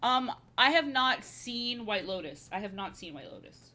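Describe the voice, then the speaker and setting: A woman's voice: a little high, expressive, normal speed, pushed and bright. A woman in her thirties chatting casually while painting on a stream, rambling and repeating her own phrases, playful and prone to slipping into silly voices.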